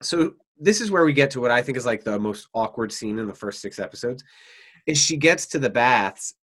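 A man's voice: medium pitch, expressive, a little fast, a bit bright. A man co-hosting a podcast, casually retelling anime scenes and acting out the characters' lines. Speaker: podcast co-host. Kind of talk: casual chat, recapping an anime.

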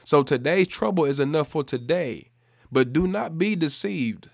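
A man's voice: a little high, animated, creaky, dry recording, clean studio sound. Emphatic man preaching a devotional. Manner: emphatic, repeats key phrases for stress; speeds up and slows down for emphasis. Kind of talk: devotional podcast sermon.

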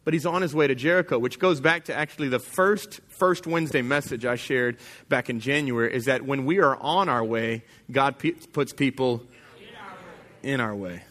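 A man's voice: mid-range voice, moderate pace, a bit bright. A man pastor preaching a sermon to his congregation in an emphatic, casual and plain-spoken way.

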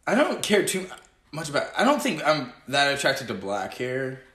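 A man's voice: mid-range voice, huge pitch swings, normal speed, sharp tone, reverberant. A young man co-hosting a podcast, chatting bluntly and jokingly with a friend, laughing easily. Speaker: podcast co-host. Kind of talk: casual chat.

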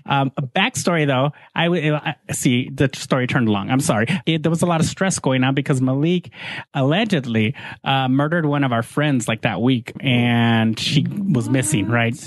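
A man's voice: medium pitch, normal speed, no room sound. A man with a Chicano accent, chatting casually and telling a ghost story with lots of acted-out voices. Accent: Chicano English. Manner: animated storyteller, acts out voices and laughs often.

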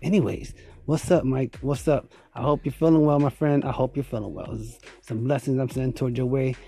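A man's voice: mid-range voice, steady tone, brisk, creaky, warm tone. A man hosting his own podcast, telling a story in a rambling, casual way with frequent laughs and swearing. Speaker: podcast host.

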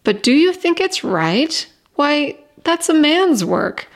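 A woman reading aloud, voicing a refined, kind lady stranger who speaks softly and soothingly in well-spoken phrases. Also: sits high, sing-song, takes it slowly, pitched above the performer's own voice, exaggerated voice. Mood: concerned.

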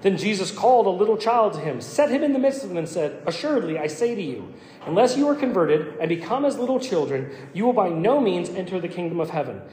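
High-voiced pastor preaching in echoey hall. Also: male voice, very animated, fast talker, mellow. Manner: emphatic, repeats words when starting phrases. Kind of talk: sermon. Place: church sanctuary.

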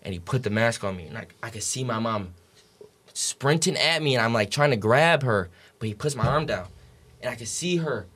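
A man's voice: medium pitch, lively intonation, normal speed, fairly bright tone, breathy edge. A young man telling his story as a podcast guest, casual and rambling, swearing freely and filling his talk with "like" and "dude". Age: young adult. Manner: profane, rambling, full of "like" and "dude".

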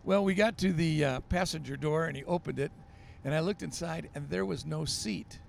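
A man, a pastor, telling stories on a podcast in a lively, animated way with frequent ums and uhs. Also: on the high side, moderate pace, gravelly, a little hiss or hum. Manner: animated storyteller with many fillers. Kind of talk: storytelling on a podcast.

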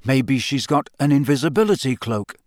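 A man's voice: medium pitch, expressive, moderate pace, no echo, studio quality, lightly acted. A man doing a furious teenage wizard boy. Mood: bitter. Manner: heated, raised and sharp. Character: angry teenage boy wizard, hot-tempered.

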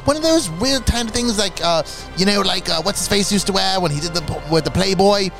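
Brief: male co-host, high gravelly voice, jokey and profane, casual chat. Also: fairly quick, over music. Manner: joking, animated, swears freely. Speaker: co-host of a wrestling show.

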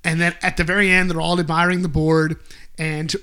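A man's voice: fairly high pitch, fairly quick, clean tone. A man hosting a casual podcast, animatedly recapping an episode and quoting characters. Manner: animated, quotes characters in bursts. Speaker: podcast host.

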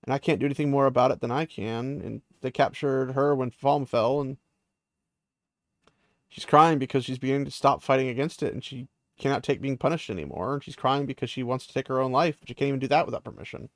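A young woman held captive, grim and resigned, laying out what she can and cannot do, as a man retells her lines. The voice is gravelly and dry, with no room sound. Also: medium pitch, fast talker, dry recording, natural voice. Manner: loose paraphrase, near his own voice.

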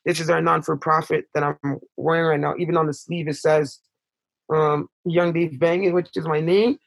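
Young male guest, gravelly and a bit high, impassioned storyteller, rises when upset. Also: little pitch movement, moderate pace. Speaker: podcast guest. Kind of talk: emotional storytelling in conversation.

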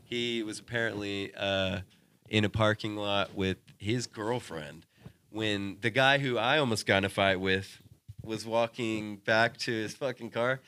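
A man's voice: lowish voice, unhurried, pushed and bright, clear, resonant tone. A young man co-hosting a podcast, telling a long story in casual chat, rambling with constant "like" and "dude" and heavy swearing. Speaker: podcast co-host.

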